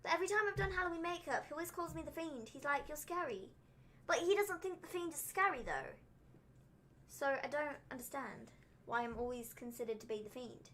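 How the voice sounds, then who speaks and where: Bright high-voiced chatty young woman. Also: fairly quick, slight background noise. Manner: chatty, teasing, scattered with "um" and "like". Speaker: host of a wrestling recap livestream. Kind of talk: casual livestream chat.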